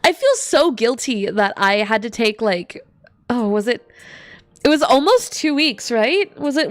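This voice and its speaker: High-voiced bubbly woman streamer. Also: a bit bright, no room sound. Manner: bubbly, chatty, reads chat aloud and laughs often. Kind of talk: casual live-stream chat while gaming.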